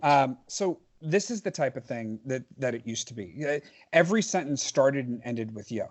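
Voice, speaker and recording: A man's voice: medium pitch, animated, moderate pace. Emphatic New Jersey-raised man telling stories. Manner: storytelling, emphatic, restarts often. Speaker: podcast guest. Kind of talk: casual chat.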